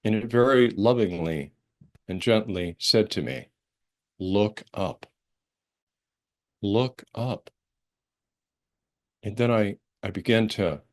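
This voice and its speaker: An older man, a minister, telling a personal story during a church sermon, expressive and conversational, dropping to a hush and rising with excitement. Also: on the low side. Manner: expressive, dramatic storytelling with big swings between hushed and excited; conversational, with fillers and restarts. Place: church service.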